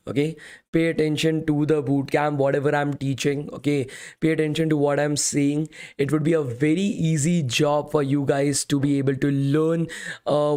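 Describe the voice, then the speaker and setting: A man's voice: a little high, darkish tone. Indian-accented man teaching a coding bootcamp. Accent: Indian English. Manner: chatty, repeats "okay" and "guys", reads chat questions aloud. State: voice strained from talking all day. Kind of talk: live-streamed coding class.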